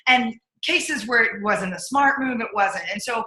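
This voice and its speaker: A woman guest coach telling stories in an interview, energetic and punchy, acting out her own inner voice. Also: on the high side, a little slow, roomy sound, rough recording. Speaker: podcast guest, accountability coach. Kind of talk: candid interview storytelling.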